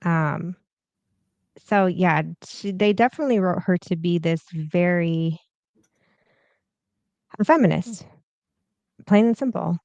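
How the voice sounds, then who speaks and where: A woman co-hosting a casual film review chat. She talks in a measured, easygoing way and fills her pauses with "um". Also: lowish voice, a little mellow, no echo. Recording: dull, lo-fi audio.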